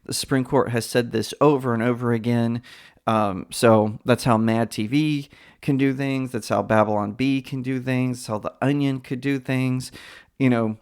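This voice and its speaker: A man's voice: medium pitch, fairly even intonation, moderate pace, a little mellow, clean tone. A man hosting a pop culture commentary channel, talking in a chatty, opinionated way with frequent fillers.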